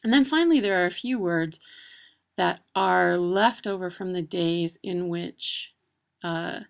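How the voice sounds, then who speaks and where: A woman from talks through words in a relaxed, chatty way, dotting her sentences with ums and uhs. Her voice sits on the low side and has a gravelly fry running through it. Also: unhurried. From Wisconsin, USA. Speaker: presenter of a language video. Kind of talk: casual informative talk.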